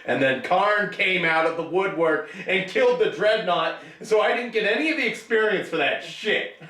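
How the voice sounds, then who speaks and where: A man in his thirties hosts a casual hobby chat with a rather high voice, rambling along with sarcastic jokes. He sounds set back from the microphone in an echoey room. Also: moderate pace, bright, forceful tone, far from the mic. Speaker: show host.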